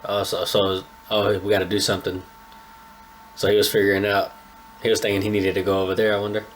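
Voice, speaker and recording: A man's voice: fairly low pitch, completely flat delivery, fast. A young man hosting a casual anime reaction, chatting in laid-back slang with a slightly stuffy nose. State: a little stuffy-nosed. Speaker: anime reaction channel host.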